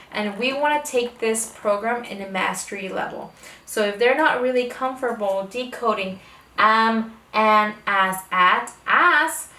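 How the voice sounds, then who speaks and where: A homeschooling mother explaining how she teaches her children to read, speaking slowly and stretching out the letter sounds. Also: on the high side, sharp tone. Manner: slow, deliberate, exaggerates phonics sounds. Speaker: homeschooling parent teaching reading. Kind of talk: instructional talk to camera. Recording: echoey room, voice a bit far from mic.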